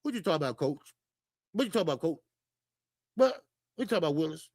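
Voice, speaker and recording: A woman's voice: low voice, very animated, quick pace, darkish tone, no room sound, studio quality, voice pushed down, exaggerated voice. A woman doing a sassy, incredulous sitcom boy. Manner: mock-disbelieving catchphrase.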